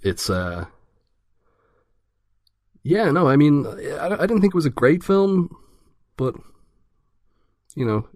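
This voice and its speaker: A man's voice: a little high, very animated, slow, pauses often, a little mellow, no room sound. A man co-hosting a casual film review podcast, talking hesitantly with many fillers and restarts. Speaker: podcast co-host.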